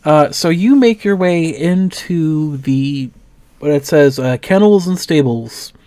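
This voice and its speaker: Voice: mid-range voice, takes it slowly, no echo. A game master narrating a tabletop session, speaking in an easygoing, meandering way. The talk is full of small fillers and restarts as the scene gets described. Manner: relaxed, rambling, many fillers.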